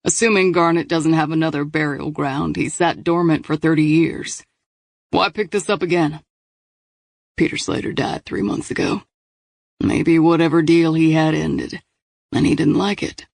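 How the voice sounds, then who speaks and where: Audiobook: deliberate male detective, gravelly, slightly higher voice, performed by a man. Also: fairly even intonation, no room sound. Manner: measured, deliberate case reasoning. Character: male investigator reasoning through a case. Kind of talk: audiobook dialogue reading.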